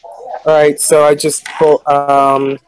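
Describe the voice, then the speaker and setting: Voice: medium pitch, completely flat delivery, slow pace, poor audio. A player in a casual tabletop game, thinking aloud and counting dice with fillers.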